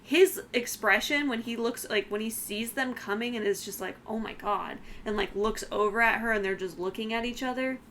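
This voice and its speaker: A woman's voice: a little high, moderate pace, few pauses, a bit bright, a little hiss or hum. A woman co-hosting a podcast, chatting enthusiastically about a film and acting out quotes with lots of fillers. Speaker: podcast co-host. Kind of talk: casual chat about a film.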